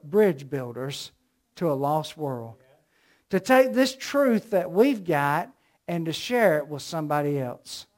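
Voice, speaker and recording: A middle-aged man from the American South with a Southern accent, preaching a sermon with emphatic, storytelling delivery. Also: sits high.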